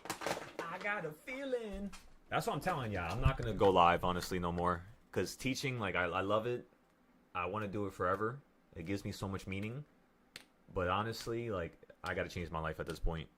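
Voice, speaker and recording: A man's voice: sits low, fairly quick, a bit bright. A young man from New York talking casually to his viewers, working out trading profits and taxes aloud in a blunt, pumped-up way. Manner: talks through sums aloud, blunt and pumped up. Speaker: trading vlogger.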